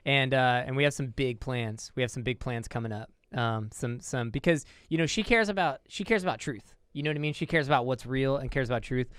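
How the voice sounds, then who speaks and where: Fast-talking deadpan Southern Californian guy. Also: mid-range voice, smooth, dry recording, studio quality. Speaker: podcast co-host. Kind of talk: improvised comedy banter.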